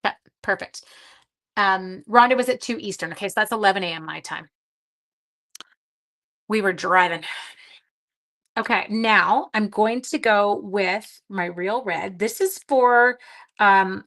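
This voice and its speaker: A woman's voice: medium pitch, measured pace, long pauses, a bit bright. A middle-aged woman hosting a live craft video, chatting with viewers as she works, short on sleep. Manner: chatty, talks to live viewers while working. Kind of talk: live craft-along chat.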